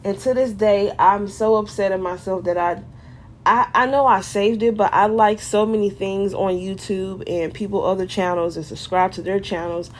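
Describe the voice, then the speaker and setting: A woman's voice: medium pitch, slight background noise. Woman telling a candid personal testimony. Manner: candid, emotional retelling in casual slang. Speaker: vlogger.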